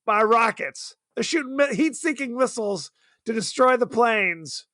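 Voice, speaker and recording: A man's voice: very high voice, lively intonation, normal speed, sharp tone, no room sound, studio quality. A man co-hosting a podcast in casual chat, amused and chatty, laughing often as he talks about a movie. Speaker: podcast co-host.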